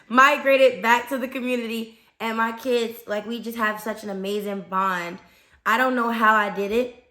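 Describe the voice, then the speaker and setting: In an echoey room, a young American woman who teaches fifth grade gives casual, animated advice on her podcast. Her voice is mid-range, and she keeps checking in with "okay?"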